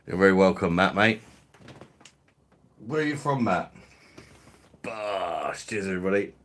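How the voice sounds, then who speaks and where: A man's voice: sits low, animated, unhurried, a bit bright. A man from London with a Cockney-ish accent, hosting a casual live stream and chatting matily with viewers. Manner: matey, chatty, drops in slang and laughs.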